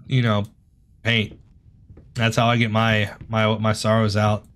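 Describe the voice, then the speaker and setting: A man's voice: on the low side, unhurried, slight background noise. A man doing let's play commentary of a horror game, jumpy and joking, swearing and yelping at the scares. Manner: jumpy, swears, jokes nervously, yelps at scares. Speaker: gaming video host.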